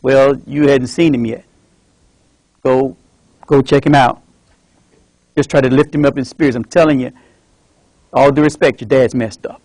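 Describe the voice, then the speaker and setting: A man's voice: medium pitch, steady tone, moderate pace, pauses often, darkish tone, no echo, pitched below the performer's own voice, close to an everyday voice, rough recording. A man voicing a frank doctor breaking hard news to a patient's son, sober and matter-of-fact. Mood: somber. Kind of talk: acted scene in a club speech.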